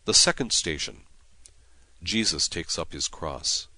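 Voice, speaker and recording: Man, priest, very deep voice, crisp bright tone, solemn devotional reading. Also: no echo. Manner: solemn, measured reading with Latin chant-like prayers. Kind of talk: devotional reading of prayers and scripture.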